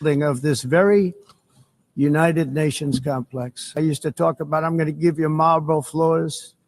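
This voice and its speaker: A man's voice: fairly high pitch, fairly even intonation, moderate pace, a little mellow. An older man from the United States giving a formal speech to an assembly, rambling and boastful.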